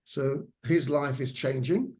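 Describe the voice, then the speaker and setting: A man's voice: medium pitch, slow, a little mellow, slight background noise. Older man telling stories in a lecture. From England. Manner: rambling anecdotal delivery with fillers. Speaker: guest speaker, former hairdresser. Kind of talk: lecture storytelling. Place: senior center lecture hall.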